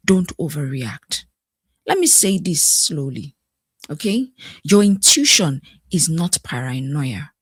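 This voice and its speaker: Emphatic woman life coach, husky voice. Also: fairly low pitch, no room sound, studio quality. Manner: emphatic, repeats key words, asks viewers questions. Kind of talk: direct-to-camera motivational talk.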